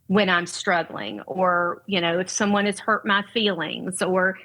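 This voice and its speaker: Bright-voiced Southern woman, earnest. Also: lowish voice, fairly even intonation, a little slow, rough recording. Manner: earnest, heartfelt, faith-centered. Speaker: guest, parent and educator. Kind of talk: podcast conversation.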